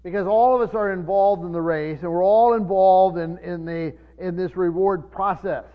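A man preaching a sermon, teaching from the Bible in a halting way with many fillers and restarts, slowing down to stress key words. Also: sits high, steady tone. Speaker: pastor. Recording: muffled sermon recording in a reverberant hall.

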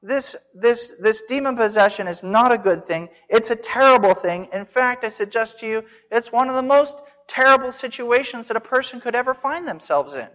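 A man's voice: very high-pitched, lively intonation, moderate pace, hardly any pauses, a bit bright. A man preaching an expository sermon, earnest and emphatic, repeating phrases for stress. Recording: dull sound with long hall reverb.

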